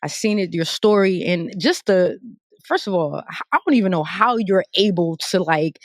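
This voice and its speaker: Brief: casual podcast host, mid-pitched, encouraging, close dry studio mic. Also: no room sound. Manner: encouraging, lots of quick affirmations. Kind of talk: casual interview.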